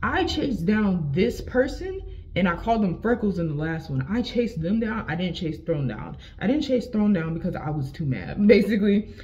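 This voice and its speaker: A young woman tells a story to the camera in a casual storytime vlog, animated and full of slang and swearing. She jumps into little acted-out quotes of what she said back then. The recording sounds slightly dull and lo-fi, with a voice of middling pitch. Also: moderate pace. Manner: animated, profane, slangy, acts out her own quotes.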